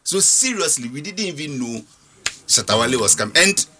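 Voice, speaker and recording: A Ghanaian man chats as a guest on a radio talk show. His voice is bright and animated. He mixes local words into English and pads his talk with fillers. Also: a little high, fairly quick, husky. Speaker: guest, youth organizer.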